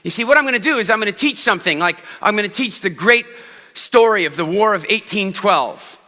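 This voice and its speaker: High, bright-voiced man with hall reverb. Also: a little fast. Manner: animated storyteller, asks the audience questions. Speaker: public speaking presenter. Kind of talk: stage talk to a live audience.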